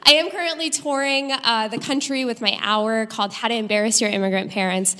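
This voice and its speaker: A woman's voice: a little high, a little fast. Young woman comic on a reverberant stage. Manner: deadpan punchlines, animated delivery. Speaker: stand-up comedian. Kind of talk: stand-up comedy set. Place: theater stage with live audience.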